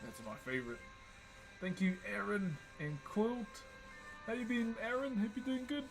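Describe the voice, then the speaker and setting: A young man with a New Zealand accent, hosting a relaxed livestream and greeting viewers by name while he carves wood. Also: high voice, normal speed, over music, poor audio. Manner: laid-back, greets chat viewers by name. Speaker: livestream host. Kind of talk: casual livestream chat while wood carving.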